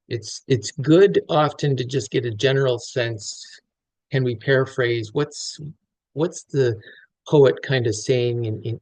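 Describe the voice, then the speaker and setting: A man's voice: medium pitch, darkish tone, dry recording, rough recording. A man lecturing on a poem, thinking aloud with frequent restarts and fillers. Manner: thoughtful, many restarts and fillers. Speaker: literature lecturer. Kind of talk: close-reading lecture.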